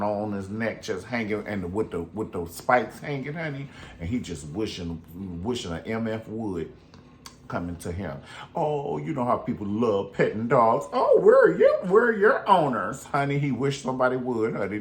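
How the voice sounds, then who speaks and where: A man hosting his own casual commentary, sassy and animated, tossing in curse words, calling people honey and mimicking voices. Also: lowish voice, normal speed, slight background noise. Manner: strong cusses and "honey" asides. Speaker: show host.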